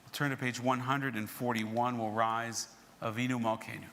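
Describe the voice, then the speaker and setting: A man's voice: mid-range voice, normal speed, a little hiss or hum. A man leading a synagogue service who tells a story expressively and leads prayers. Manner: dramatic, expressive narration. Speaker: service leader. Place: synagogue sanctuary. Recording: reverberant sanctuary recording.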